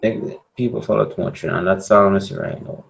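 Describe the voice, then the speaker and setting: A young Jamaican man co-hosting a podcast, speaking in a halting way and repeating words as he thinks. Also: lowish voice, fairly even intonation, gravelly. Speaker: podcast co-host. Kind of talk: casual debate chat. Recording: dull lo-fi sound.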